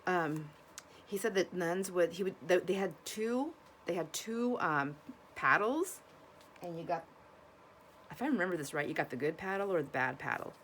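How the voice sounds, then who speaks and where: Chatty low-voiced woman gushing over finds. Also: expressive, normal speed, fairly bright tone, slight background noise. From Washington State, US. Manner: rambling, restarts sentences. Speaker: vlogger showing thrift finds. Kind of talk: casual chat to camera.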